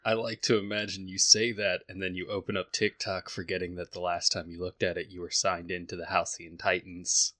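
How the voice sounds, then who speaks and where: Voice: deep voice, flat delivery, fairly quick, few pauses, bright, forceful tone, no room sound. A player at a tabletop game, playful and joking. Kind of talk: casual chat during a tabletop game.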